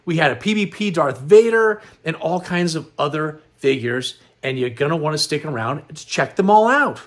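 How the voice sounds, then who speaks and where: Chatty middle-aged guy, kinda high voice, tired and a bit worn out, rambles along upbeat. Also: lively intonation, normal speed, fairly bright tone. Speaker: host. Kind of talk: casual vlog chat.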